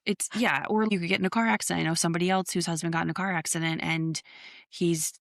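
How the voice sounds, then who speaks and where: A woman's voice: lowish voice, fairly even intonation, fast talker, vocal fry, a bit bright, no echo, studio quality. A woman in her thirties co-hosting a podcast, chatting casually and bluntly, with some swearing. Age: 30s. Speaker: podcast co-host. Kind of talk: casual chat.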